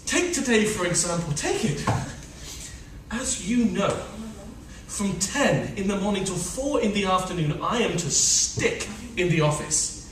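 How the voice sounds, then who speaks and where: An actor in a stage rehearsal plays a harried middle-aged official and overworked family man, melodramatically pleading and complaining in a mood of weary complaint. His high voice is animated yet unhurried, recorded far from the mic in an echoey room with a noisy background.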